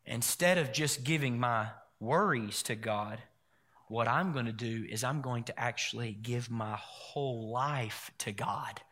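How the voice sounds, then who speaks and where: A man's voice: mid-range voice, a little slow, fairly bright tone. A man preaching a sermon as pastor, leading his congregation in call-and-response and repeating phrases. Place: church.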